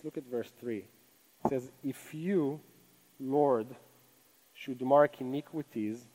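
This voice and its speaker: A man's voice: a little high, low-quality recording. Earnest accented man preaching a sermon. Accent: non-native English accent. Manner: earnest, conversational preaching with rhetorical questions. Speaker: pastor. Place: church stage.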